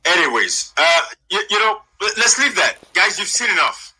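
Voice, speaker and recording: A man's voice: high-pitched, very animated, normal speed, pushed and bright, a little hiss or hum, poor audio. A man from Sierra Leone with a Sierra Leonean accent giving rambling casual commentary as host, slipping pidgin into his English. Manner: rambling, mixes pidgin into English, many fillers.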